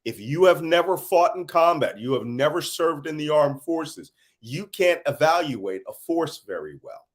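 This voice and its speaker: A middle-aged man from the United States who says he is tired, answering interview questions as an intelligence analyst and telling animated stories between laughs. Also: a little high, unhurried, few pauses.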